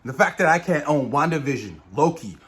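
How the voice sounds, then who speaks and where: A man giving a casual spoiler review of a TV episode, enthusiastic and swearing now and then, dropping low at the ends of his phrases. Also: animated, fairly quick, a bit bright. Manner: enthusiastic, keeps saying "you guys", swears casually. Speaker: show reviewer.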